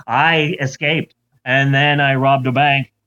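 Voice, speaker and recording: A man's voice: mid-range voice, little pitch movement, slow, sharp tone, smooth, voice pushed down. A man voicing a blunt, boastful adult male prison inmate. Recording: lo-fi recording.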